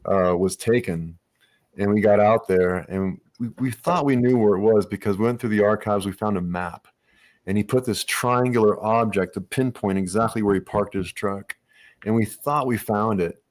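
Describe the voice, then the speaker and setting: Low-voiced chatty man. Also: normal speed. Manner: chatty, laughs while telling. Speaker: guest. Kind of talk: casual anecdote.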